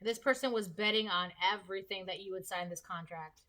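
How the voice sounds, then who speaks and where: A woman's voice: mid-range voice, a little fast, bright, forceful tone. A woman doing a casual spoken tarot reading for her viewers, earnest and repetitive, often checking in with "all right?" and "okay?". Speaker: tarot reader.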